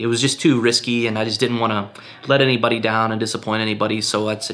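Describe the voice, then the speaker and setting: A young man with a bright, forward voice chats candidly about his film work. He keeps it casual, leaning on fillers and jumping his pitch up to mimic other people. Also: fast talker, creaky. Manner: relaxed and candid, many fillers like um and you know; acts out other people's lines in a raised voice. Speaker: filmmaker guest. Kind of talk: casual interview answers.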